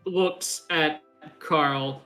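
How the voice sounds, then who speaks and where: A man's voice: on the high side, fairly even intonation, extremely slow, sharp tone, soft background music. A man playing in a tabletop game, talking casually and hesitantly. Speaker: player.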